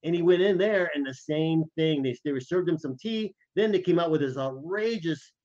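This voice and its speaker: Male podcast co-host with a slightly high voice, animated storyteller, dull muffled recording. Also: moderate pace. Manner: animated anecdotes, acts out quoted lines. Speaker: podcast co-host, former intelligence officer.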